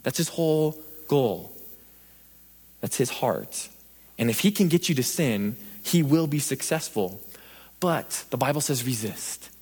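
A young adult man preaching a sermon, mixing scripture with a funny story and building to energetic emphasis. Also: mid-range voice, unhurried, pauses often, husky, big-room sound. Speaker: pastor.

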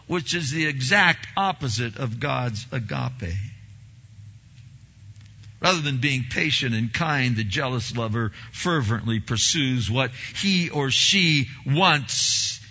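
A male pastor preaching a sermon with a bright, forceful edge and a rough, gravelly texture. He tells his stories in an animated way, acting out the dialogue and repeating words as he builds. The recording sounds dull and lo-fi. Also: mid-range voice, takes it slowly.

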